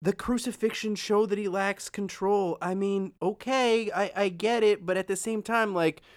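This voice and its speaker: A man's voice: high voice, steady tone, normal speed, no room sound, clean studio sound. A man co-hosting a TV recap podcast in loose, profane, emphatic chat. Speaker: podcast co-host.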